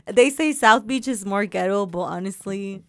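A young woman telling a story in casual chat, animated, saying "like" a lot and laughing often. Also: mid-range voice, moderate pace, dry recording, clean studio sound.

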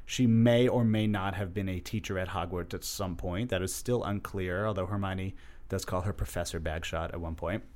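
A man's voice: sits low, steady tone, normal speed, a little mellow. A young man co-hosting a podcast, talking casually and animatedly with lots of fillers. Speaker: podcast co-host. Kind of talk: casual chat.

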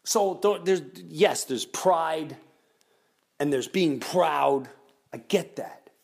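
A man's voice: on the high side, slow pace, gravelly, a little mellow. A middle-aged man hosting a podcast, ranting comedically and mimicking other people in raised voices. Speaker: podcast host. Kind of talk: animated comedic rant.

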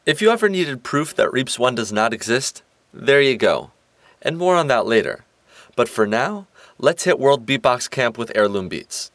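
A man's voice: medium pitch, big pitch swings, normal speed, fairly bright tone, no echo. Man narrating with playful emphasis. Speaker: host and narrator. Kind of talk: scripted narration.

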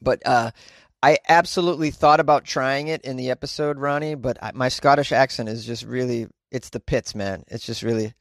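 A chatty, joking male podcast host with a mid-pitched voice, speaking into a home podcast mic. His delivery is loose and full of "uh"s, and the sound is dry and close with no room echo. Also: steady tone, moderate pace, creaky. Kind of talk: casual solo podcast chat reading listener mail.

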